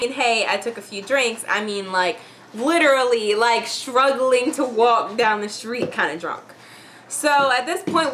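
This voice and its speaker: A woman's voice: fairly high pitch, sharp tone, slight background noise. A woman vlogger telling a story in a chatty, casual way, swearing freely and filling her talk with "like" and "you know.". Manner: chatty, profane, filler-heavy storytelling. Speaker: YouTube vlogger.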